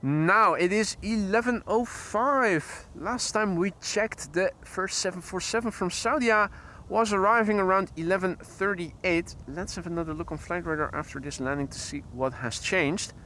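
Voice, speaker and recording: A Dutch-accented man hosts a live plane-spotting stream from beside a runway, talking precisely and often rewording himself mid-sentence. His voice sits high and sounds bright and forward. A faint outdoor hum runs beneath him. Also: moderate pace. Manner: chatty, precise, self-correcting. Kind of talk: live commentary with chat greetings.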